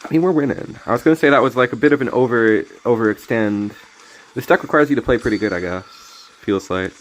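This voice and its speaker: A mid-range male voice, quick and carrying a little hiss or hum, belongs to a young man streaming a card game. He offers casual, laid-back commentary with jokes and mumbled asides, faint music in the background.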